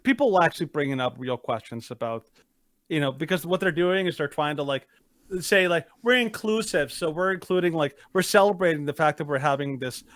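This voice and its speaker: A man's voice: fairly high pitch, a bit bright, no echo. A man co-hosting a podcast, talking casually and emphatically, often searching for his words. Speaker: podcast co-host. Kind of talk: casual opinionated chat.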